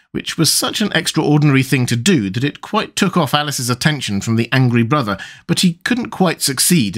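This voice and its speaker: A man narrating a storybook audiobook in an expressive, storytelling way. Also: medium pitch.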